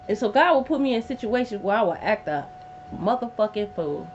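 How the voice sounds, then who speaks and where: Brief: woman, tarot reader, high voice, blunt and profane, dull lo-fi audio with hum. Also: a little fast. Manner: emphatic, blunt and profane, repeating lines for effect. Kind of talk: casual tarot reading to camera.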